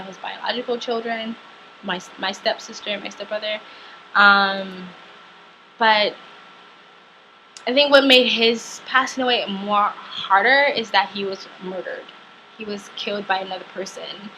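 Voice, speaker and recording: A young woman vlogger telling a personal story in a halting way, full of fillers and restarts. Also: mid-range voice, bright, forceful tone, slight background noise, rough recording. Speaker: travel vlogger.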